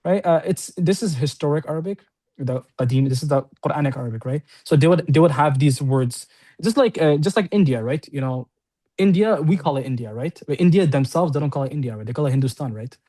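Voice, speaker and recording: Fast-talking male Arabic teacher. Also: a little high, dark tone. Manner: quick, repetitive explaining with many checks like "right?". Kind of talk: classroom lesson. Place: classroom with students on-site and online.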